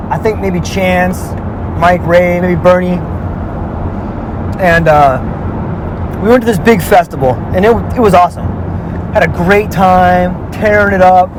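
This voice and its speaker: A man's voice: sits high, background noise. A man casually telling a personal story, rambling with lots of filler words and restarts.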